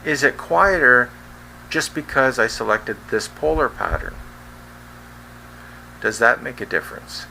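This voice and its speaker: Testing a wireless handheld mic in an indoor room with a fan running, a man plainly asks the viewer whether his voice and the fan come through. His medium-pitched voice is expressive, gravelly and sharp, a little slow with many pauses. The low-quality recording carries a faint fan hum.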